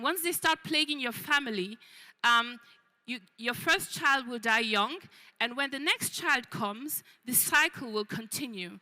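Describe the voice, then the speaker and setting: A woman's voice: high-pitched, bright, forceful tone, low-quality recording. A woman author giving an unscripted talk about her children's book, with frequent ums and restarts. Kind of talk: book fair talk to an audience.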